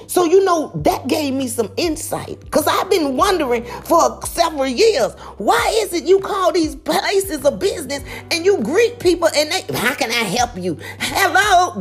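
A woman giving a preachy motivational talk, emphatic and full of rhetorical questions, swinging from loud high exclamations to low quiet asides. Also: big pitch swings, unhurried, faint music behind. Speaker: motivational speaker.

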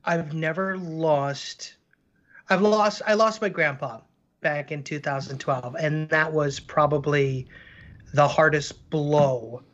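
A man's voice: on the high side, takes it slowly, a bit bright, dull audio. A man chatting on a podcast as a guest cartoon creator, telling stories earnestly with lots of fillers. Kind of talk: casual podcast conversation.

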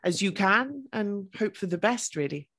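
A woman's voice: medium pitch, expressive, moderate pace, fairly bright tone. A woman speaking earnestly and reflectively in casual conversation.

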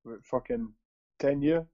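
A man's voice: medium pitch, unhurried, mellow, dry recording. A Scottish man co-hosting a podcast, chatting casually with blunt, sweary banter. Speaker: podcast co-host. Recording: dull lo-fi sound.

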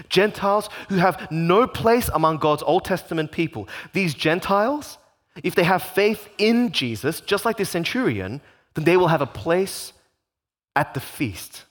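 Lively, expressive male preacher. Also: fairly high pitch. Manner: expressive, rhetorical questions, repeats lines for emphasis. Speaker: pastor. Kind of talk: sermon.

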